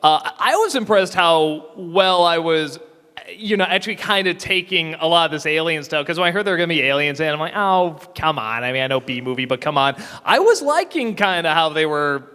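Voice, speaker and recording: A man's voice: a little high, animated, fairly quick, sharp tone, clear, resonant tone. A man with a scratchy throat answering audience questions on a convention panel in a casual, chatty way, often restarting and laughing. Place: convention hall. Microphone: handheld mic. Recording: reverberant convention hall.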